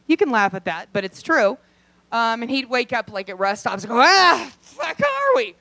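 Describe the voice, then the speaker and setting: A woman doing a stand-up comedy set on a club stage into a handheld mic, brash and profane, with loud outbursts and acted-out quotes. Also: on the high side, fairly quick, no echo.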